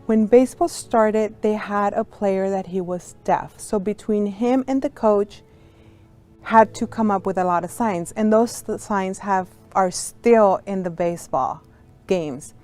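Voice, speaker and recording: Woman interpreter leading a kids' sign language class; average pitch, slow and patient. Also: darkish tone, faint music behind. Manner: patient, explains step by step to young students. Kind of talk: teaching a beginner sign language lesson.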